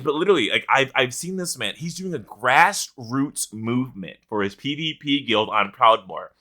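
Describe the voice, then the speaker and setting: A man co-hosting a casual gaming podcast, telling an animated story with plenty of swearing and laughter. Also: mid-range voice. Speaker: podcast co-host.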